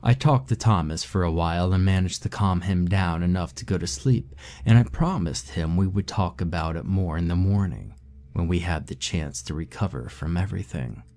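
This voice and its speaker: A man narrating a horror story in the first person, with a steady, measured and somber delivery. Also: sits low.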